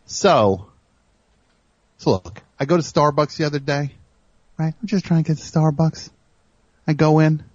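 A man's voice: a little high, expressive, unhurried, long pauses, a little mellow, no echo, muffled recording. A man hosting a comedy radio show in a studio, rambling through stories and teasing his crew. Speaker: host.

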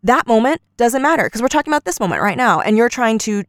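A woman's voice: fairly high pitch, fast talker, dry recording, clean studio sound. A woman co-hosting a podcast, casually retelling an argument and acting out each quoted line. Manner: animated storyteller, acts out quoted lines. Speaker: podcast co-host.

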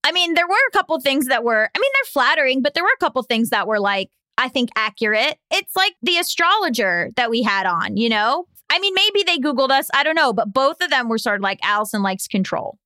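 High bright-voiced chatty woman host. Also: big pitch swings, fairly quick, hardly any pauses, clean tone, no room sound. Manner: chatty storyteller, laughs often. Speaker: podcast co-host. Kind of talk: casual chat.

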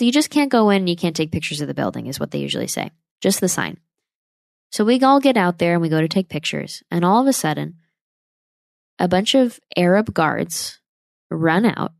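A woman's voice: on the low side, gravelly, dry recording, studio quality. A young woman from the United States, talking straight to her viewers in an impassioned, opinionated vlog. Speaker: travel vlogger. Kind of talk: casual opinionated vlog monologue.

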